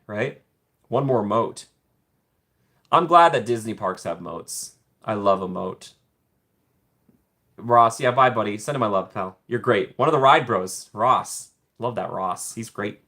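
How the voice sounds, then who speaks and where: Male host, 30s, casual home stream, rambling jokey chat with viewers, average pitch. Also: fairly bright tone. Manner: playful, rambling, reads and thanks chat by name; jokey asides, quick laughs. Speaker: streamer hosting a live chat. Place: room at home.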